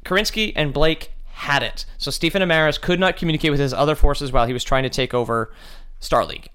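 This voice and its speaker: A man's voice: on the high side, fast talker, fairly bright tone, clean tone. A man on a casual podcast, rambling through game lore with lots of fillers and restarts, swearing now and then. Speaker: podcast co-host telling lore.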